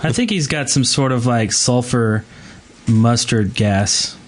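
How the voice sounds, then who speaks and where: Brief: male co-host, mid pitch, quick dry interjections in casual chat. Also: a little hiss or hum. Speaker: podcast co-host. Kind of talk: casual gaming podcast chat.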